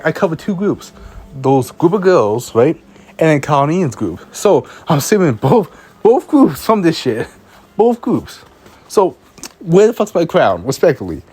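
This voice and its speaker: A man's voice: on the high side, a little mellow, breathy edge. A young man, a student filmmaker, telling a rambling, exasperated story in a casual vlog, often stumbling over and repeating his words. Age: young adult.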